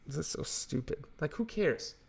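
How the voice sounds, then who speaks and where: A man's voice: on the high side, expressive, moderate pace, gravelly, husky. A man hosting a comic book channel, ranting in casual, exasperated and sarcastic commentary.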